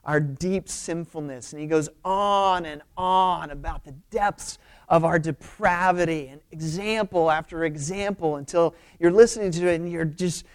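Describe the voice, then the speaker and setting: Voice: medium pitch, normal speed, clean tone. A pastor preaching a conversational sermon, informal and emphatic, often checking in with the listeners.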